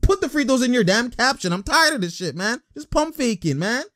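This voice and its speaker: A young man giving casual, excitable basketball reaction commentary, blunt and slangy, laughing often. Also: very high-pitched, brisk, no room sound, clean studio sound.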